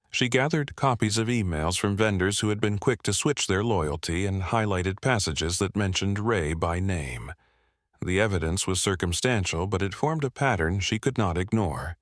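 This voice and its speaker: A man narrating a scripted true-crime story in a steady, measured way. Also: low voice, dry recording, clean studio sound.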